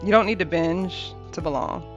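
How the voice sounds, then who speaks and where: A woman hosting a podcast, talking through a reflective spiritual monologue in a gentle, unhurried way, repeating phrases for rhythm. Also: lowish voice. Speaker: podcast host. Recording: dull lo-fi audio with faint music.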